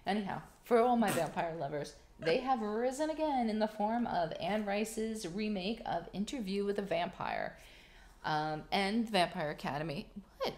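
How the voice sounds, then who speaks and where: Gravelly woman chatting on a podcast. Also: medium pitch, lively intonation, normal speed, a little mellow. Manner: chatty, storytelling with restarts. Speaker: podcast co-host. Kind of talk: casual chat.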